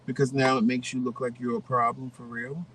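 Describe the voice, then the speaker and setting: A man co-hosting a casual chat, giving his views in a flat, matter-of-fact way. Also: medium pitch, brisk, recorded from a distance, low-quality recording. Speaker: co-host.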